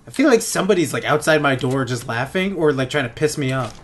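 A young man giving crude, goofy gameplay commentary on a headset in his bedroom, often laughing and yelling out suddenly. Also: medium pitch, expressive, fast talker, husky. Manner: goofy, giggly, crude jokes, sudden loud outbursts. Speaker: gaming let's play host.

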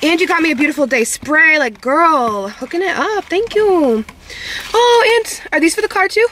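A young woman, vlogging in a bubbly, gushing casual chat with quick exclamations. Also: extremely high pitch, expressive, fairly bright tone. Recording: noisy home vlog audio.

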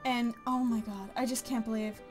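Excitable young woman gaming commentator. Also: fairly high pitch, moderate pace, faint music behind. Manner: excitable, gasping, dramatic exclamations. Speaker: gaming YouTuber. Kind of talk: let's play commentary.

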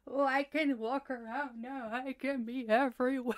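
A woman's voice: high-pitched, pushed and bright. A young woman who voices audio dramas, chatting playfully in her small bedroom before recording, giggling and sometimes dropping to a whisper. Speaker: audio voice actor. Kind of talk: casual pre-recording chatter.

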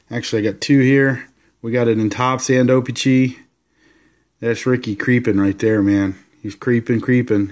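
A man in the middle of his pitch range talks loosely through a stack of sports cards in a home vlog. He drifts between relaxed commentary and bursts of enthusiasm, with rambling asides. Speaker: card collector showing his collection. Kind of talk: casual card-showing vlog.

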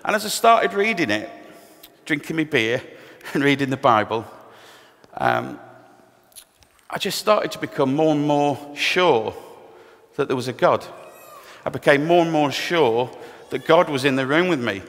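A man's voice: fairly high pitch, big pitch swings, unhurried, fairly bright tone. A middle-aged man from England telling his personal testimony at church, candid and self-deprecating with touches of humor. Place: church hall. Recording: long reverb of a church hall.

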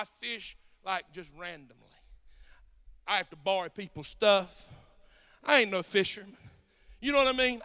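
A Southern-accented pastor delivers a folksy, storytelling sermon. His voice sits high for a man and rings bright and forceful, rising at times into shouted preaching. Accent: Southern US, South Georgia.

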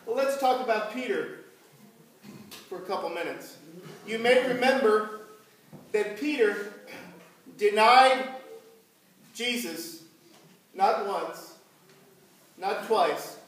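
A man preaching as pastor, telling the story slowly and asking his congregation questions. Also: high-pitched, expressive, a bit bright, slight background noise. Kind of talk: sermon. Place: church. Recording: echoey church from far off.

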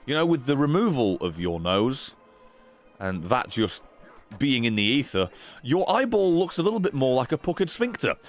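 A man streaming a violent game, giving sarcastic, sweary commentary that swings between low mutters and sudden shouts. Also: sing-song, moderate pace. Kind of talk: comedic gameplay commentary. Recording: game music behind voice.

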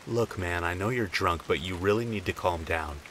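A man's voice: deep voice, moderate pace, sharp tone, slight background noise. A man playing a blunt, skeptical young roommate. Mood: firm.

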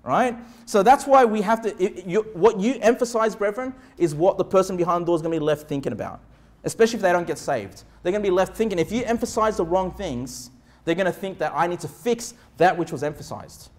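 High-voiced man preaching a sermon. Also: animated. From Australia. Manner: preaching with sudden shouts and quick asides. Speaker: pastor.

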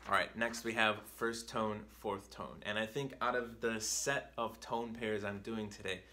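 Slow, bright-voiced male language teacher. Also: medium pitch. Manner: slow, patient explanations with frequent checks like "right?"; reads drill words in a raised, careful voice. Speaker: Chinese teacher. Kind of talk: video language lesson.

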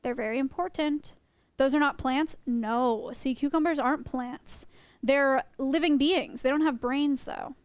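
A woman's voice: high-pitched, unhurried, no echo. A young woman teaching her stream chat about animals in a playful, joking way, often laughing. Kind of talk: casual livestream lesson.

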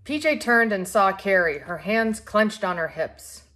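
A woman reading a children's picture book aloud to a young child in a clear, expressive way. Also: mid-range voice, a little slow. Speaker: storybook reader.

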